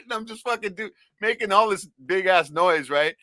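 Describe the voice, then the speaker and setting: Bright, profane rambling storyteller man. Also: high-pitched, expressive, fairly quick, dry recording. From Alaska. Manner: profane, rambling storyteller with loud acted-out shouts. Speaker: podcast co-host. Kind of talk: casual podcast chat.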